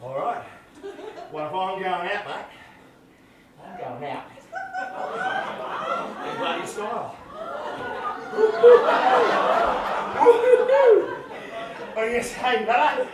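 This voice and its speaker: A man's voice: sits high, animated, slow, long pauses, over a noisy crowd. A man playing a cheeky, rowdy cricket fan who swears and laughs a lot. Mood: reckless glee. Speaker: cricket fan sneaking into a match. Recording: roomy distant film audio with noise.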